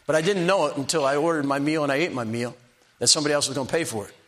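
An older preacher tells homespun stories from the pulpit. His voice sits a little high for a man, and he stumbles and restarts as he goes, then slows right down to land each punchline. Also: fairly bright tone. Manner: folksy storytelling, stumbles and restarts, slow emphatic punchlines. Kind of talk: sermon with personal stories.

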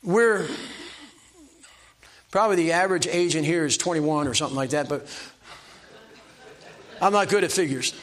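Older male preacher, high-voiced, homespun and self-mocking, hammers one point again and again. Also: moderate pace, pauses often, fairly bright tone. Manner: folksy, self-deprecating preaching with repeated exhortations. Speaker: pastor. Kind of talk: sermon.

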